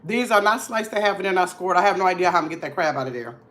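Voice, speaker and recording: A woman's voice: lowish voice, animated, very fast, a bit bright. Chatty woman streamer from Milwaukee. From Milwaukee, Wisconsin. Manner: chatty, teasing, talks straight to the chat. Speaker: livestream host. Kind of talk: casual livestream chat with viewers.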